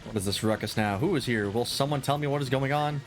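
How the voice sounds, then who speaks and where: A boastful, flamboyant rich merchant holds forth in grand, formal sentences, as a man puts him on. His voice sits at an ordinary middle pitch, stretched into theatrical, self-important delivery. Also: quick pace, music in the background, lightly acted. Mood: pompous.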